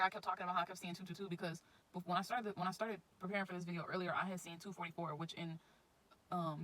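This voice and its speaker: A woman's voice: lowish voice, a bit bright, low-quality recording. A woman giving casual spiritual advice in a chatty, informal vlog, often circling back to her points. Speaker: astrology vlogger.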